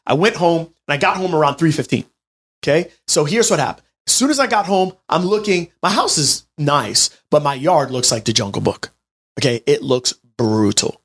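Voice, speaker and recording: A man in his late twenties tells a story from his own life, speaking to listeners as if they were friends. His pitch swings widely and his delivery is animated and chatty. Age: 20s. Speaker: healthcare business owner. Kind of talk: storytelling monologue to an audience.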